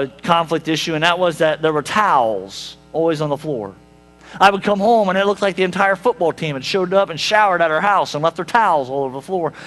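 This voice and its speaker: High-voiced man preaching conversationally. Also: a bit bright. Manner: conversational, asks the congregation rhetorical questions; wry humor. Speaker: pastor. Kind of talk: sermon. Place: church sanctuary.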